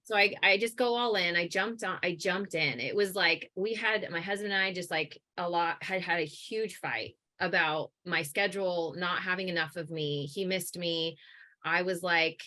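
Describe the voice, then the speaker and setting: Bright-voiced woman telling her story. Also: fairly low pitch, moderate pace. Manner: animated storyteller, many fillers. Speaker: guest, coaching business owner. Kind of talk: casual interview.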